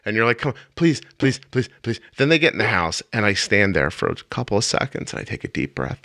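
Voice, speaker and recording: A man's voice: on the low side, sing-song, fast talker, gravelly, pushed and bright, dry recording, clean studio sound. A middle-aged man hosting a podcast, telling rambling jokey stories in casual chat. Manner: joking, rambling storyteller. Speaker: podcast host.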